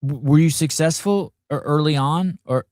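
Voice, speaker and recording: A man's voice: on the high side, normal speed, darkish tone, no room sound, clean studio sound. A man hosting a podcast, asking curious, short follow-up questions in a casual interview. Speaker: podcast host.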